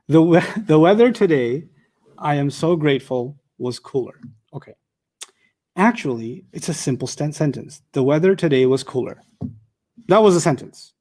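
A man's voice: on the high side, a little mellow. A man teaching a live class, explaining step by step and asking the room rhetorical questions, with joking asides.

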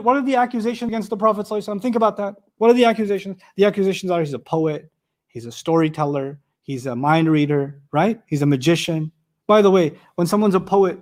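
A man giving an animated, conversational Quran commentary lesson, his voice climbing sharply when he drives a point home. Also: sits high. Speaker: Quran teacher.

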